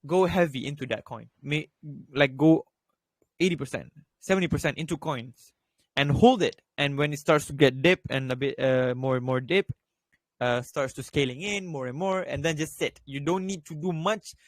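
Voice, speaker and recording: A man's voice: fairly high pitch, normal speed, no echo. A young man and student giving blunt, profanity-laden crypto advice in a casual voice chat, repeating his points. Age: young adult. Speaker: crypto trading voice chat host.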